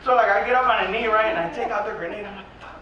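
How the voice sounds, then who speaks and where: A man performing a stand-up routine, telling a story with profanity and yelling the lines of the people he quotes. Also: sits high, racing, recorded from a distance. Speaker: stand-up comedian. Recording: echoey live club recording from afar, dull. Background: loud audience and noise.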